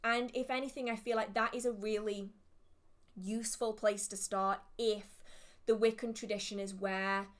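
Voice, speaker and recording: A woman's voice: medium pitch, flat delivery, moderate pace. A woman hosting a casual livestream Q&A, chatty and self-deprecating, with the hiccups. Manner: chatty, self-deprecating, laughs at own slips. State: has the hiccups. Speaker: witchcraft livestream host.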